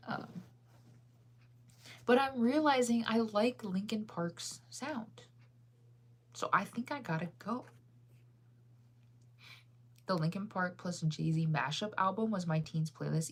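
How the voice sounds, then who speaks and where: A chatty young woman talks casually to her stream, reading comments aloud and laughing often. Her voice sits a little low for a woman. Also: vocal fry. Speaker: livestreamer.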